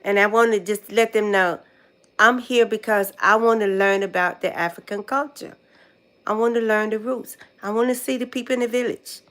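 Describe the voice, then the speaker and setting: A woman's voice: medium pitch, steady tone, normal speed, fairly bright tone. An older American woman chatting casually on a livestream. She repeats words to herself while she tries to remember them. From United States. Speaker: vlogger.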